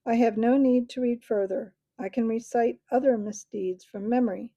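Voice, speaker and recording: A woman voicing a very old, absent-minded male mouse who keeps records, speaking in a squeak barely above a whisper. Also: fairly even intonation, normal speed, dark tone, dry recording, highs cut off, natural voice. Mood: grave.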